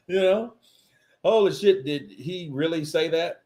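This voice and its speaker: Casting man, livestream host, casual boxing chatter, animated pitch swings, quick to laugh. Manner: loose, joking, laughs often, mimics punch sounds. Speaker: live stream host.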